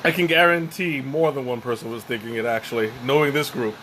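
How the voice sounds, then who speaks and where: A man's voice: medium pitch, a little fast, sharp tone, slight background noise. A man hosting a casual live tea-tasting stream at home, rambling and self-deprecating, winded from sweating and choking. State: sweating and catching his breath after choking. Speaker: livestream host. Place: home room with a fan running.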